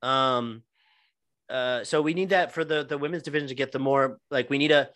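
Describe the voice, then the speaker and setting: A man's voice: medium pitch, steady tone, normal speed, a bit bright, no echo. A man with a mid-range voice, co-hosting a casual podcast chat. He talks in a laid-back, rambling way, full of fillers and profanity. The recording is dry and close-miked. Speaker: podcast co-host.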